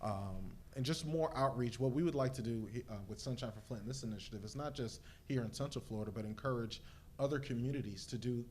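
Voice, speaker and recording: A man with a mid-range voice talks on a community panel, earnest and halting with frequent fillers. A faint rumble and noise sit under him. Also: darkish tone. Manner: earnest, hesitant with many fillers. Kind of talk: panel discussion.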